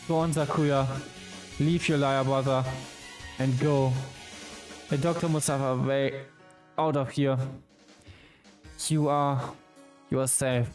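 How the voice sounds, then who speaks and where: A man streaming a visual novel, reading the game's dialogue aloud with quick asides of his own. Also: mid-range voice, little pitch movement, faint music behind.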